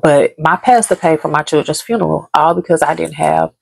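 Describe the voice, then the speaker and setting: Her voice sits low and sounds gravelly yet a little mellow as she talks briskly, with no room sound. She's a vlogger from Dallas, Texas, and her painful personal story comes out in a heavy, grief-laden, repetitive way, an emotional story time.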